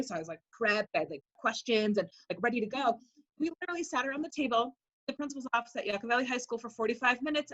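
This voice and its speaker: Bright, animated woman in her forties. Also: on the high side, dull audio. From Wisconsin, US. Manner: animated, acts out quoted speech with "like". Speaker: guest, high school Spanish teacher. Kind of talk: casual storytelling interview.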